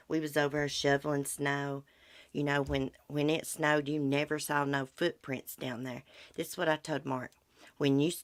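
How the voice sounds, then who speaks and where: A woman's voice: deep voice, no room sound. A middle-aged woman hosting a livestream, ranting heatedly in folksy casual talk and answering viewer comments. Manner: heated, indignant, folksy rural talk with swearing. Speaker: livestream host.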